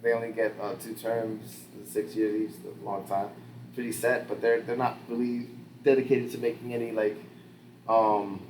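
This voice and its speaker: Man, podcast co-host, casual political chat, animated storyteller, roomy sound. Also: fairly low pitch, moderate pace. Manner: animated storyteller, jumps into quoted voices, laughs often. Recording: roomy with faint background noise.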